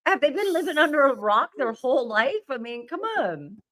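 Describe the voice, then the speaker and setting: A woman's voice: high voice, sing-song, normal speed, a bit bright. A woman in casual conversation who laughs easily and swears casually. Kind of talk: casual chat.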